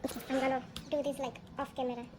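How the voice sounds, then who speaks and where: A woman unboxing albums on a casual vlog, gushing excitedly and gasping at each card she pulls. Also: high voice, rapid-fire, noisy background.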